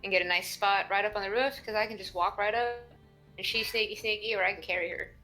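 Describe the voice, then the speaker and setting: Woman, tabletop player, bright tone, casual, laughs a lot. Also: medium pitch, steady tone, fast, faint music behind, low-quality recording. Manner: laughs often, slips into character. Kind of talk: casual tabletop role-play.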